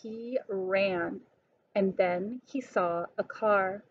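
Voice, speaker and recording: A woman slowly and deliberately reading a children's picture book aloud. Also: mid-range voice. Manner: slow, clear and deliberate. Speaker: storybook reader. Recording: dull lo-fi recording.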